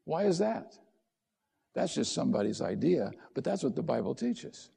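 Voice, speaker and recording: A man's voice: a little high, big pitch swings, moderate pace, vocal fry, dark tone, breathy edge. A middle-aged man preaching a sermon as a pastor, conversational and direct, posing questions to his listeners.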